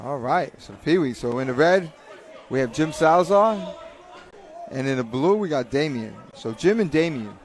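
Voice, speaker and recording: A man's voice: a little high, animated, moderate pace. A man commentating live boxing fights, rambling and joking, often repeating himself. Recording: crowd noise at a live event.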